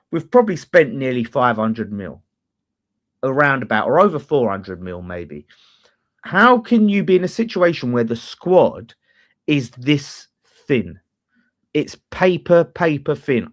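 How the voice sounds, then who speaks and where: Man, football fan host, swears a lot, lively swinging pitch, fairly high voice. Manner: animated, swears freely, talks over others. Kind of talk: casual football debate.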